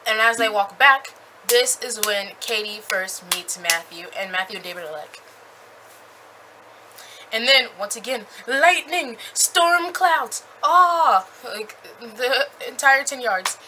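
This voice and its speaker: A young woman recapping a book in a chatty, animated way with lots of fillers. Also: on the high side, slow pace, slight background noise, low-quality recording. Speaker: book reviewer.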